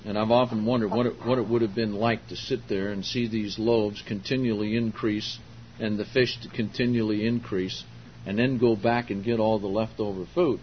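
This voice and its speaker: An older man preaching a sermon, teaching slowly and deliberately, stressing key words and asking the congregation to follow along. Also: on the low side, steady tone. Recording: dull lo-fi sermon recording with faint hiss.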